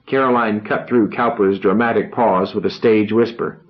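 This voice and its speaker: A man reading a novel aloud in a measured, even storytelling manner. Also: on the low side. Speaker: audiobook reader. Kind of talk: scripted narration. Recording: dull lo-fi recording.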